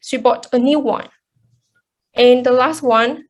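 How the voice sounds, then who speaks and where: A woman explains a lesson point slowly and patiently. Her voice sits high, and she restarts phrases often. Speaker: student presenter. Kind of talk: class presentation.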